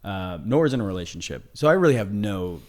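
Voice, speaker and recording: A young man co-hosts a casual comedy podcast in a fairly low voice. He is laid-back and hedges a lot, stacking "you know"s and restarting his thoughts. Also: big pitch swings, fast talker, darkish tone. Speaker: podcast co-host.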